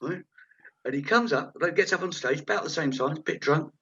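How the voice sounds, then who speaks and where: A comedian telling stage anecdotes in a chat interview, rambling and lively, acting out the voices of people in the story. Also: male voice, a little high, fast talker, breathy edge. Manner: rambling, animated, acts out quoted voices. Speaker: comedian guest. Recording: dull lo-fi audio.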